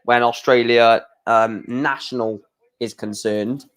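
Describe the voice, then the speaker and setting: A man's voice: medium pitch, steady tone, takes it slowly, fairly bright tone, smooth. A young man hosting a casual live stream, chatting in a rambling way and often correcting himself.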